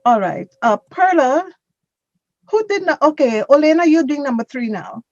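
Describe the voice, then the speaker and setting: A woman teaching an English grammar class on a video call, explaining slowly and patiently with examples. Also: high voice, lively intonation, a little mellow, dry recording. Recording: dull lo-fi online call audio.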